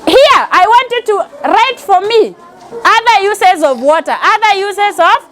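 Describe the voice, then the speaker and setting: A woman's voice: very high voice, lively intonation, measured pace, fairly bright tone. A woman with a Kenyan accent teaching a pre-primary class, calling out questions and having the children repeat answers. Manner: call-and-response, mixes in Swahili phrases.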